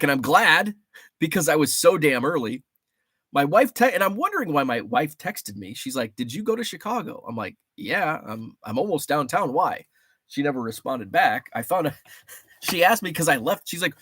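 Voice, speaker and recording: A man's voice: mid-range voice, fairly bright tone, no room sound, studio quality. A man hosting a casual livestream, rambling through a story and reading viewers' chat aloud with frequent laughs. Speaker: livestream host.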